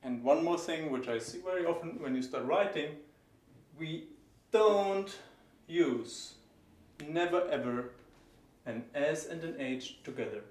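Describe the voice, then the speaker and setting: A man teaching German pronunciation, explaining each sound and slowly repeating example words. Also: a little high, lively intonation, a little mellow, reverberant. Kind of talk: pronunciation lesson.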